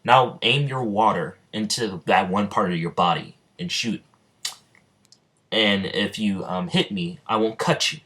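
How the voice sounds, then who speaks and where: A brash young swordsman who boasts and taunts without pause, as a man puts him on. The voice stays fairly low, only a touch above the narrator's own deep tone. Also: a bit bright. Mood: cocky.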